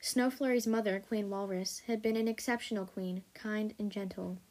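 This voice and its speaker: A woman narrating a fantasy story aloud in a steady, even reading voice. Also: medium pitch, moderate pace, poor audio.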